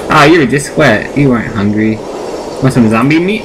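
A man talks his way through a game session in loose, rambling asides to his viewers, his voice sitting at an ordinary middle pitch. He sits at home at his computer, and the built-in laptop mic leaves a steady hiss of noise under his voice. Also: normal speed. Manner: chatty, rambling self-talk to viewers. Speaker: let's play gamer. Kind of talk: casual gameplay commentary. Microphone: built-in laptop microphone. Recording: noisy lo-fi laptop mic recording.

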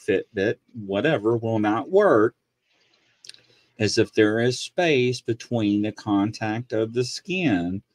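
Animated man telling stories. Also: fairly low pitch, dry recording. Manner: animated storyteller, acts out quoted people. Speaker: podcast host. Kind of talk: casual chat.

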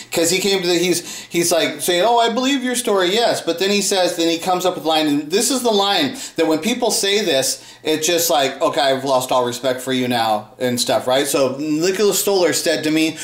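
A man ranting angrily in commentary, swearing and repeating himself, his voice rising when upset. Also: roomy sound. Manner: angry, profane, repeats himself, voice jumps high when upset. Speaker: video host.

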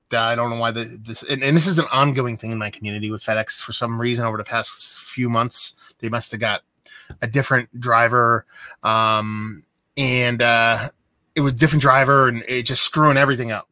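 Bright-voiced man ranting casually. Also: mid-range voice, steady tone, brisk, no echo. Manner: rambling, exasperated storytelling. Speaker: beer vlogger. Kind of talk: casual vlog rant.

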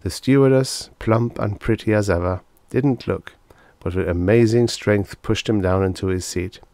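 A man narrating a vintage science fiction story as an audiobook, measured and unhurried through the descriptions. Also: deep voice, fairly even intonation, darkish tone, dry recording.

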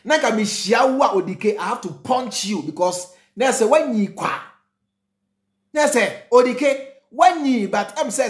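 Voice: mid-range voice, lively intonation, unhurried. A speaker with a Ghanaian accent giving impassioned political commentary, repetitive and mocking, mixing Twi and English in rhetorical runs. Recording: roomy echo.

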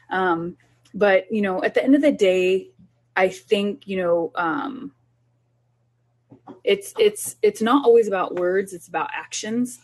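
A woman's voice: medium pitch, normal speed, slightly rough. A middle-aged woman, a child development specialist, giving down-to-earth parenting advice in an informal talk, earnest and often repeating herself.

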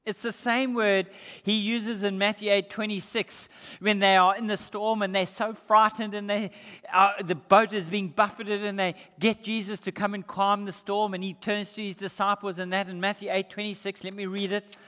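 A man's voice: high voice, flat delivery, moderate pace, sharp tone. A male pastor from Australia preaching a sermon in an earnest, emphatic way, asking the congregation rhetorical questions. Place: church sanctuary. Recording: long hall reverb.

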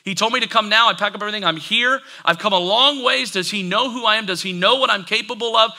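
A man's voice: high voice, fast talker, sharp tone, voice pushed up, heavily acted. A man voicing a proud army commander who rants in exasperation. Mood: indignant. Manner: exasperated, ranting.

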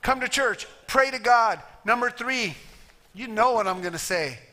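A man's voice: extremely high pitch, animated, a little slow, bright, forceful tone. A man preaching a sermon as pastor, plain-spoken and emphatic, acting out little voices for humor. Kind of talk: sermon with altar call. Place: church sanctuary.

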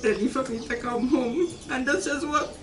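A woman who speaks with emotional gratitude in slow, fervent phrases. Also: high voice. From Trinidad. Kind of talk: casual testimony. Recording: echoey, distant, noisy.

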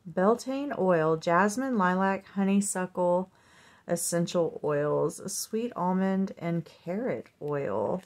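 A woman chatting softly as she unboxes a purchase, cooing and slipping into gentle whispers. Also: on the low side, expressive. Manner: slow, soft-spoken, drifting into gentle whispers and coos. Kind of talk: casual unboxing chat.

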